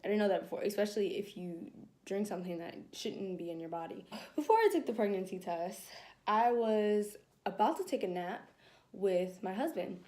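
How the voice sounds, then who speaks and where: Mellow-voiced young woman vlogging. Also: medium pitch, moderate pace. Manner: animated, laughing, acting out her inner dialogue. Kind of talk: casual storytelling to camera.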